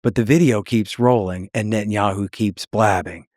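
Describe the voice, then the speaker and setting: A man's voice: lowish voice, moderate pace, a little mellow, no echo, studio quality. A man as a podcast guest, talking in a heated, mocking storytelling manner and acting out the voices of people he quotes.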